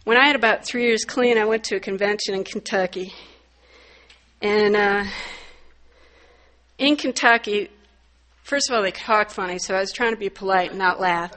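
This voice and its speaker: A middle-aged woman from the northern United States giving a candid, wry personal testimony, with sudden loud emphatic bursts. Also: mid-range voice, moderate pace. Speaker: recovery meeting speaker.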